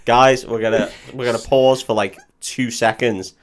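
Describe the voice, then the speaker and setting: A man's voice: medium pitch, fairly even intonation, moderate pace. A man co-hosting a podcast, throwing in teasing jokes and swearing in casual banter. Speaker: podcast co-host. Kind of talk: comic banter.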